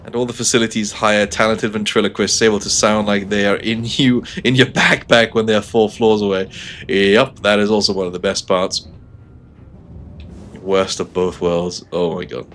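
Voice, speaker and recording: Male game streamer, lower voice, sarcastic banter, quiet background hum. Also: flat delivery, normal speed. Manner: joking, laughs often, sarcastic asides. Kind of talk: casual live-stream chat.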